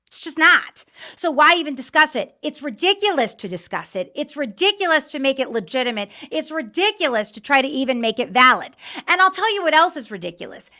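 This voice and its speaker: Woman radio-style talk host, high bright voice, worked up and mad, repeats stuff for emphasis. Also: very animated, a little fast, hardly any pauses. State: frustrated and angry. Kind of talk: opinionated political talk show monologue.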